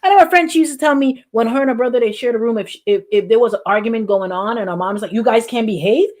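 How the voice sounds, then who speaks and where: Woman pastor, high voice, animated repetitive preaching. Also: fast talker. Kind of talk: sermon.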